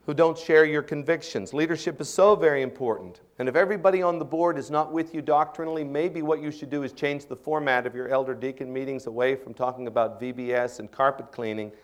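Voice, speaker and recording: A man's voice: mid-range voice, fast talker, few pauses. A middle-aged man preaching a sermon as a pastor, earnest and emphatic, building in intensity as he drives his points home.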